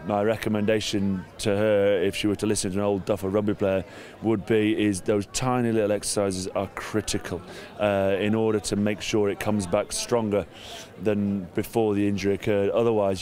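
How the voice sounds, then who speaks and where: Chatty English ex-athlete guest with a fairly low voice and a self-deprecating, animated delivery. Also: male voice. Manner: chatty and self-mocking, turning lively and animated. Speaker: interview guest, former rugby player. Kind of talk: casual interview chat. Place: outdoors at a sports venue.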